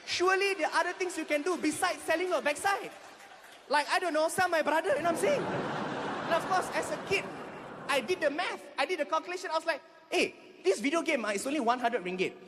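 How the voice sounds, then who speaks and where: A man with a Malaysian English accent doing stand-up comedy, telling animated stories on stage in front of a live audience. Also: brisk, in a large hall, crowd noise, noisy background. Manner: animated storytelling with shrill acted voices.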